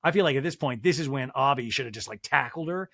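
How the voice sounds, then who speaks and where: A man's voice: medium pitch, animated, fast talker, fairly bright tone, no room sound, clean studio sound. A man hosting a podcast, recapping reality TV with sarcasm, swearing and mimicry. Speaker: podcast host.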